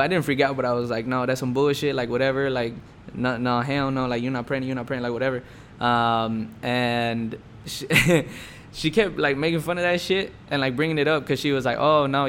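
A man's voice: medium pitch, fairly bright tone. Young man, casual storyteller, heavy swearing and fillers, mid-range voice, faint hiss behind. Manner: laid-back, profane, full of fillers and quoted dialogue. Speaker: storyteller explaining his rap name.

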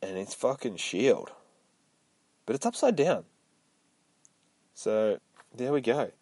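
A man's voice: medium pitch, dry recording, studio quality. A man hosting a podcast, casually recapping a comic book with profane jokes. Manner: profane, joking, lively. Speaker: podcast host.

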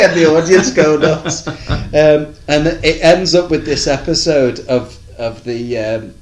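A man's voice: fairly high pitch, measured pace, hardly any pauses. A man chatting casually as a podcast co-host, telling long stories and acting out what people said. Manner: rambling storyteller, acts out quotes in other voices. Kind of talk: casual chat. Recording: echoey room.

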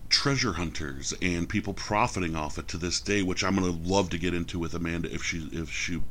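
Deep-voiced New York man hosting a podcast. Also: fairly quick, a bit bright, a little hiss or hum. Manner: enthusiastic, rambling. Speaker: podcast host. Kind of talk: podcast interview.

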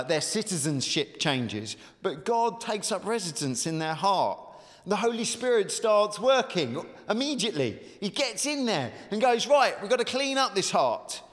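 Animated male pastor, slightly raised pitch, chatty sermon delivery, long hall echo. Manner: chatty, animated, many fillers.

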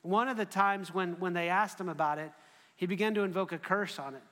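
High-voiced male preacher in an echoey hall. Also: brisk. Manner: animated storytelling, often restarting phrases. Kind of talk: sermon.

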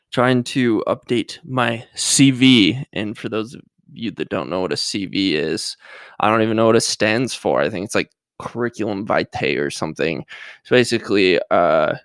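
A man's voice: deep voice, vocal fry, fairly bright tone, no room sound. A young man hosting a casual solo podcast, rambling and hesitant with lots of fillers and self-mocking jokes, a little nervous. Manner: self-mocking jokey asides. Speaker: podcast host.

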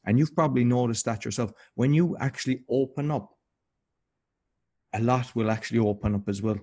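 A man interviewing a guest in a relaxed conversation, reflective and encouraging, sometimes repeating words. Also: mid-range voice, a little fast.

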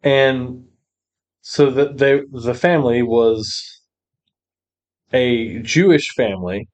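A man's voice: medium pitch, takes it slowly. A man co-hosting a podcast, talking about a film in a hesitant way with many restarts. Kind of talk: casual film discussion.

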